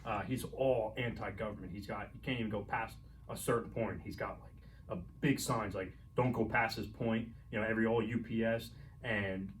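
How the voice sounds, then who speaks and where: New man, podcast co-host, mid pitch, rambling and profane, distant mic with light hiss. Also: fairly even intonation, moderate pace. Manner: rambling, profane, laughs while telling stories. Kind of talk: casual storytelling chat. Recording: distant mic, faint noise.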